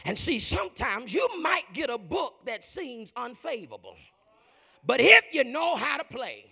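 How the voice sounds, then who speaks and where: A male pastor preaching a sermon to a congregation, calling for responses and building to shouts. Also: very high-pitched, sing-song, normal speed, creaky, breathy edge. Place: church with congregation.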